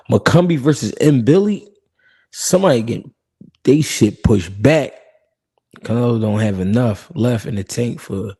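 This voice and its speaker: Gravelly laid-back man hosting a boxing stream. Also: medium pitch, mellow. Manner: laid-back, slangy, laughs often, repeats himself. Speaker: host of a live boxing talk stream. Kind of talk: casual live-stream chat, reading viewer comments.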